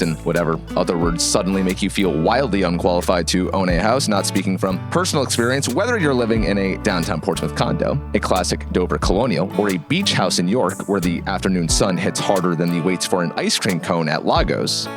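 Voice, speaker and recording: A man hosting a local podcast, reacting briefly and reading a sponsor spot in a relaxed way. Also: low-pitched. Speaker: podcast host. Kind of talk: interview and read ad.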